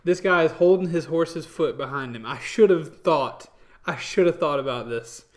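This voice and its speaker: A man co-hosting a casual video game chat, telling stories in an animated way and laughing through them. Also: a little high, moderate pace. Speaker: podcast co-host.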